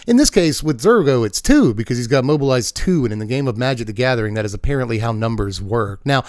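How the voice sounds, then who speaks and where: A man's voice: mid-range voice, expressive, fast talker, no room sound, clean studio sound. A man hosting a casual card game deck tech, jokey and playful with punchy asides. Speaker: card game YouTube host.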